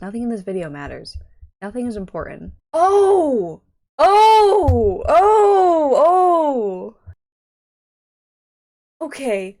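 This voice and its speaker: A young woman giving excitable reaction commentary as a YouTuber, giddy and rambling, often squealing and laughing. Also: on the low side, gravelly. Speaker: YouTuber reacting to fan videos.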